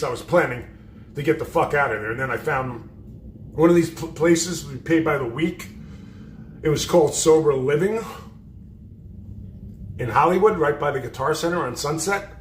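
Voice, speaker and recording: Blunt, profane man telling stories. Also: mid-range voice. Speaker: livestream host. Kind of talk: storytelling on a livestream. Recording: roomy echo.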